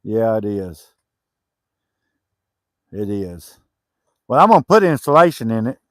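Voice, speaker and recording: An easygoing man talks casually while working on his homestead cabin, laughing often and calling to his dogs. His voice is lowish and a bit bright, sing-song, and a little slow. The recording is dry, with clean studio sound.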